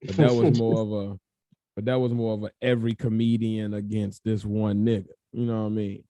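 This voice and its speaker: A young man co-hosting a podcast, talking in a blunt, profane, animated way in casual chat. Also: on the low side, brisk, no echo. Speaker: podcast co-host.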